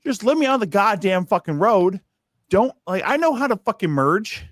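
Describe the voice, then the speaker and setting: A man's voice: high-pitched, sing-song, moderate pace, no room sound, clean studio sound. A man, co-hosting a casual live stream and ranting about traffic with heavy swearing. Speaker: podcast co-host. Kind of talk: profane casual chat. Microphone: video call.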